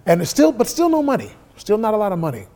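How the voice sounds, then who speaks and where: This musician, a middle-aged interview guest, talks fast in a high voice while spinning stories in a relaxed interview. Profanity flows freely, and he performs the lines of dialogue he quotes with lively animation.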